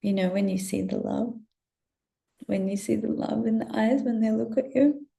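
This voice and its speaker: A young woman telling an emotional personal story to her listeners, swearing a lot and often dropping into soft whispers. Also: fairly high pitch, moderate pace, vocal fry. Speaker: spiritual content creator. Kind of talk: confessional storytelling to camera.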